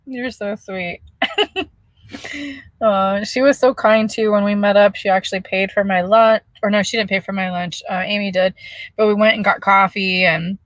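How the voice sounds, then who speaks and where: A woman's voice: mid-range voice, fairly even intonation, normal speed, fairly bright tone, dry recording. A woman vlogger hosting a casual live-stream Q&A, chatty and easygoing, reading out viewer comments as she answers, recorded in her camper van.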